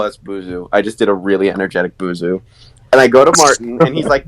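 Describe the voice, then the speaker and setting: Brief: male voice actor in casual chat, lively pitch, animated storyteller. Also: fast, a little hiss or hum, rough recording.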